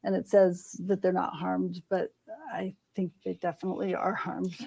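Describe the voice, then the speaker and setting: Gravelly low-toned woman scholar. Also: monotone, moderate pace, mellow, low-quality recording. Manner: thoughtful, earnest, frequent restarts. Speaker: guest scholar. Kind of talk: conversational interview.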